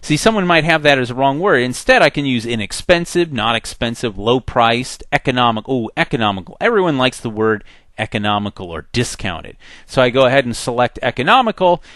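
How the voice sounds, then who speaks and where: A man teaching a software tutorial in a chatty way, acting out the program's messages in little voices. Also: mid-range voice, expressive, a little fast, dry recording. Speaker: software instructor. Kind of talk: screen-recorded software tutorial.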